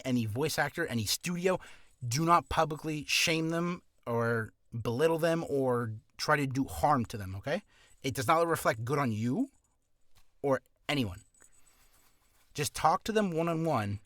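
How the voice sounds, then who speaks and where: A man's voice: mid-range voice, a bit bright, no room sound, clean studio sound. A man giving casual career advice on a vlog, rambling with restarts and coughing now and then from acid reflux.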